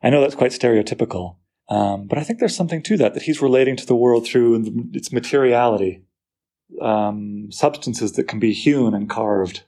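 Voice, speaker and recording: A man lecturing on a poem, lively and full of rhetorical questions to his listeners. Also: medium pitch, moderate pace. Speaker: literature teacher.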